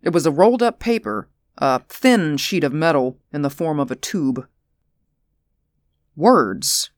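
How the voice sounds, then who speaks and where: A woman narrating a story aloud in a measured audiobook reading. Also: sits low, expressive, no echo, studio quality. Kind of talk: audiobook narration of science fiction.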